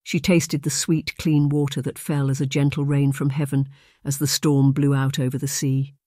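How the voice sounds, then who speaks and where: An audiobook narrator reading a historical romance in a steady, measured storytelling manner. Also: medium pitch, no room sound, studio quality.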